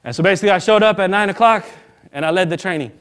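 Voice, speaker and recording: A man preaching in a relaxed, story-driven way, slipping into quoted voices as he goes. His voice sits a little higher than most men's. The talk is casual and lively. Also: rapid-fire, smooth. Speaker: minister. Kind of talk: sermon storytelling.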